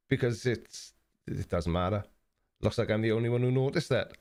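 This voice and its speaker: A South Welsh man chats through a live stream at a middling pitch, halting and repeating his words as he goes. His tone is blunt and mocking, in a loose, unscripted flow. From South Wales. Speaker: YouTube live stream host. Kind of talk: casual live stream chat reading viewer messages.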